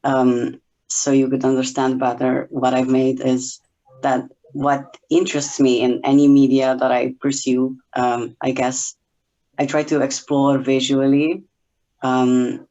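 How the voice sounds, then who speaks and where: A cartoonist, guest in a casual interview, speaking in a measured, hesitant way. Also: medium pitch, little pitch movement, warm tone. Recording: dull, lo-fi video call audio.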